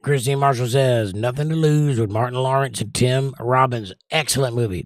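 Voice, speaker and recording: A man's voice: mid-range voice, normal speed, few pauses, dry recording. Chatty Southern American man, dry sound. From Southern United States. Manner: opinionated, chatty, recommends movies with strong takes. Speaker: livestream host. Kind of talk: casual chat reading out viewer comments.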